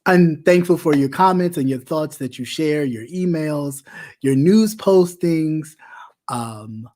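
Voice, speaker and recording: A man's voice: a little high, lively intonation, takes it slowly, darkish tone. A man hosting a talk show, giving impassioned commentary and often restarting his sentences as he presses a point. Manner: emphatic, with many repeated restarts.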